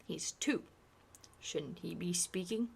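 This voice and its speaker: A woman voicing a stern, blustering duke fixated on his bloodline, in a breathy, gravelly whispered role-play. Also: lowish voice, takes it slowly, exaggerated voice. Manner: blustering, shouting in bursts. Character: stern, furious old duke obsessed with bloodline.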